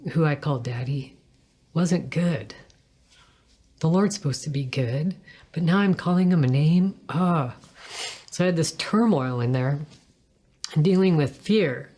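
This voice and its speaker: A woman with a low voice tells her personal faith testimony. She speaks earnestly and reflectively, pausing and restarting as she goes. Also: lively intonation, warm tone, slightly rough.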